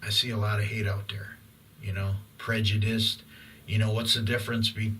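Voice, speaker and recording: A middle-aged man delivers a profane ranting monologue to camera, blunt and intense. His voice is bright and forceful, picked up from a bit away from the mic with a faint hiss of background noise. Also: on the low side, flat delivery, moderate pace, distant mic, low-quality recording. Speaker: vlogger.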